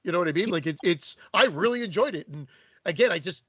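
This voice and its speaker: A man's voice: high-pitched, animated, quick pace, fairly bright tone, breathy edge, dry recording, muffled recording. A man co-hosting a horror podcast, talking in a rambling, hesitant way and laughing often. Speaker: podcast co-host. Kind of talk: casual chat.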